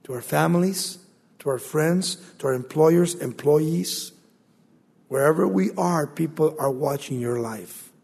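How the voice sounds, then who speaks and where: A man preaching a sermon, building to loud emphasis and acting out the voices of biblical figures. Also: fairly high pitch, measured pace, vocal fry, slightly rough. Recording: long hall reverb.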